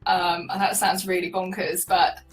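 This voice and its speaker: A chatty woman shares her stories as an interview guest, lively and quick to laugh. She sits a little back from the mic, and faint music plays underneath. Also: fairly low pitch, recorded from a distance, rough recording. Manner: chatty, animated, laughs often. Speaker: guest, solo cyclist. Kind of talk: conversational interview storytelling.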